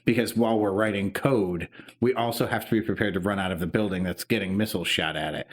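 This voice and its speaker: A podcast co-host in his thirties, speaking quickly in a fairly low voice, tells an emotional story through casual, profane chat.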